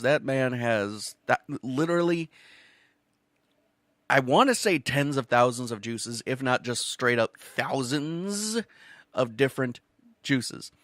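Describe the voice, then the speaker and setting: A man from Wisconsin hosts a cooking show on his own, rambling casually through crude, self-mocking jokes. His voice sits at an ordinary middle pitch. The sound is dry and close, with no room echo. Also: fairly bright tone. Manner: profane, jokey, self-mocking, prone to laughing and stammering.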